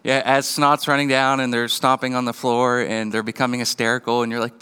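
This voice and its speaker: A man in his thirties preaches in a relaxed, joking way, slipping into little acted-out scenes. His voice is bright and crisp, a touch high for a man. It rings with a long reverb, as in a church hall. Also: brisk, few pauses. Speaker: pastor. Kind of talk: sermon.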